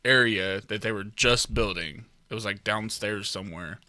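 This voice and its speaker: A man's voice: on the low side, moderate pace, sharp tone, no room sound. A man with an Ohio accent co-hosting a casual podcast, rambling through a story with fillers and laughs. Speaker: podcast co-host. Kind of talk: casual chat.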